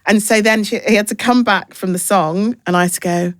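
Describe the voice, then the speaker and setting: A woman in her forties, a broadcaster guest in an interview, talking frankly and telling lively stories. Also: mid-range voice, brisk, dry recording, clean studio sound. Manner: frank, anecdotal, lively storytelling. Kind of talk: casual interview chat.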